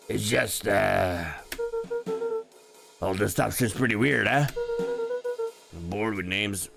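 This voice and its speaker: Slow, gravelly streamer. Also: male voice, lowish voice. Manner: laid-back, joking, reads on-screen text aloud. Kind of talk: casual live gameplay commentary. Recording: game music behind.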